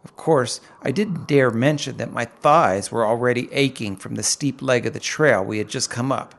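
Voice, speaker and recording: A middle-aged man reading a first-person story aloud, in an unhurried, vivid and descriptive manner. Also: mid-range voice, creaky, a bit bright. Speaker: narrator. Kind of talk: first-person audiobook narration.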